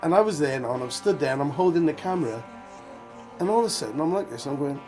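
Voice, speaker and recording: A middle-aged man in a band, telling stories in a lively, laughing way during a casual interview. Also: fairly high pitch, quick pace, over music. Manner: animated, laughing storyteller. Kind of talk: casual storytelling chat.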